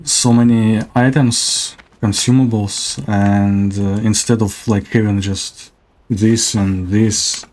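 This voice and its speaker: A man's voice: fairly low pitch, little pitch movement, slow pace, darkish tone. A man giving casual, hesitant gameplay commentary as a streamer. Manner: hesitant, many fillers.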